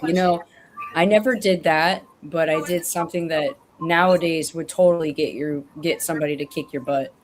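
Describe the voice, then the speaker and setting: A woman's voice: deep voice, steady tone, normal speed, slight background noise. A woman in casual chat, rambling and correcting herself as she tells stories over a remote call.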